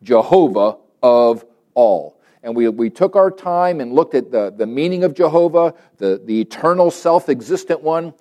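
A man leading a church prayer and then preaching, earnest and emphatic, repeating phrases and slowing down on key words. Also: fairly high pitch, lively intonation, dark tone, lo-fi sound. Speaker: pastor. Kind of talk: prayer and sermon.

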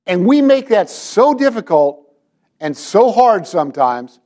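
A man's voice: high voice, sing-song, unhurried, darkish tone. A man preaching a sermon to a congregation, retelling scripture and asking his listeners direct questions. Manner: dramatizes scripture with quoted voices. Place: church.

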